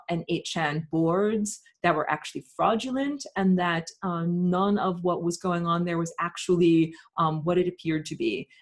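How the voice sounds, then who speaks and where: A woman teaching a live webinar, talking in an emphatic, impassioned rant with many pauses and fillers. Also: lowish voice.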